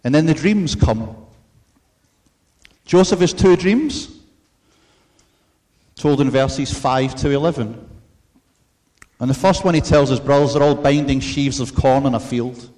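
A man's voice: medium pitch, darkish tone. Earnest man preaching. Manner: earnest, measured preaching with storytelling asides. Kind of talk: sermon.

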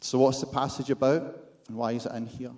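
A man's voice: mid-range voice, little pitch movement, a little fast, a little mellow. A man with a Scottish accent preaching a sermon, with wry, self-deprecating humor and rhetorical questions to the congregation.

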